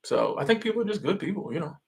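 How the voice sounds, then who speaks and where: A man's voice: high voice, big pitch swings, racing, gravelly. A man from Florida, hosting a casual livestream and answering chat in a loose, rambling way full of restarts.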